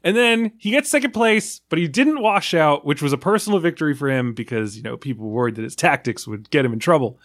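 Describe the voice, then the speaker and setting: Podcast panelist, male, higher voice, very lively delivery, rambling and profane. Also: fast, few pauses. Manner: animated, swearing, rambling rants. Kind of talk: casual film discussion.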